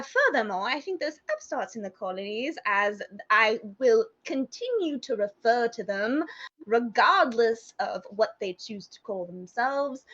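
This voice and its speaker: A haughty aristocratic lady speaks in prim, formal and condescending tones, as a woman acts her out. Her voice is high and moves widely. The stream audio is slightly muffled. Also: a bit bright. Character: haughty, pious aristocratic older lady host.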